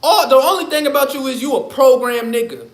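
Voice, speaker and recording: A man's voice: very high voice, brisk, noisy background. A man ranting on his livestream in a loose, profane, rambling way, laughing often. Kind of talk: casual livestream rant. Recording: echoey room.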